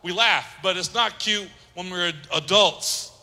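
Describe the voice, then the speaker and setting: A man's voice: high-pitched, a little slow, bright, forceful tone. A man preaching a sermon as pastor, emphatic, repeating phrases and acting out little quotes. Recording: long hall reverb.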